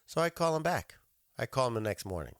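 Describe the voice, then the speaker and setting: A man's voice: medium pitch, big pitch swings, fairly quick, a bit bright, no room sound, studio quality. A man hosting a podcast, telling an annoyed story in a casual, profane rant and acting out both sides of his phone calls. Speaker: podcast host.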